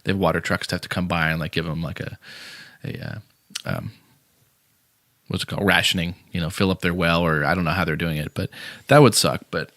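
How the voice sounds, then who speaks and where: A man hosting a podcast speaks in a low register, circling his point with ums and restarts before landing it bluntly. The sound is dry and close on the mic, with no room around it. His tone stays sarcastic and opinionated. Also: steady tone, fairly quick, fairly bright tone, no echo. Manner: rambling, many fillers and restarts. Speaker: podcast host. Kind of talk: casual opinionated chat.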